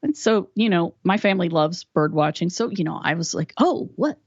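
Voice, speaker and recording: A woman's voice: fairly low pitch, brisk, dry recording, lo-fi sound. A woman from West Virginia, a podcast guest, telling a story and acting out the dialogue with energy. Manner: animated storyteller who acts out quoted dialogue. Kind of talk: storytelling in a casual interview.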